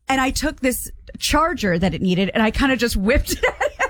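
Woman radio co-host, animated storyteller, quick to laugh, casual chat. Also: fairly high pitch, no echo.

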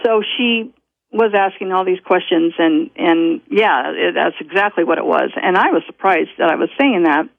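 A woman's voice: fairly low pitch, normal speed, gravelly, no echo. Woman telling a story over a phone line. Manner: rambling, self-interrupting, laughs often. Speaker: guest. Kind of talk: personal storytelling interview. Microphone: telephone.

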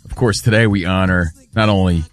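A man's voice: low voice, steady tone, fairly quick, faint music behind. A man co-hosting a sports talk radio show, reading plugs and teasing his partner. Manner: joking, teasing banter.

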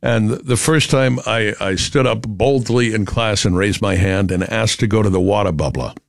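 A man's voice: on the low side, steady tone, normal speed, creaky, dry recording, clean studio sound. A middle-aged man from Massachusetts with a New England accent, hosting casual radio chat in a rambling, self-correcting way. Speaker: radio host.

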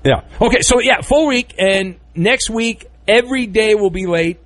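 A man's voice: sits high, moderate pace, fairly bright tone, no echo. Joking male sports radio host. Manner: loose, joking, rambling with fillers. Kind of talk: casual radio talk.

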